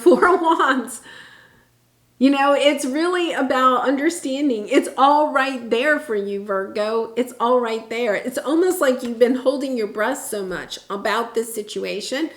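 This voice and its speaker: A tarot reader gives a casual reading in a high-leaning, reverberant voice. She sounds earnest and reassuring, filling her speech with fillers and frequent restarts.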